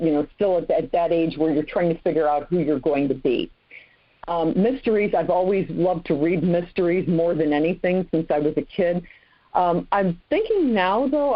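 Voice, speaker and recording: A woman author speaking as a podcast guest in a casual chat, self-deprecating and rambling with restarts. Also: on the low side. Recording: dull lo-fi sound.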